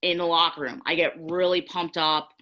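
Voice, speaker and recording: A young woman on a panel discussion, candidly telling stories with lively acted-out quotes. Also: fairly low pitch, normal speed, muffled recording.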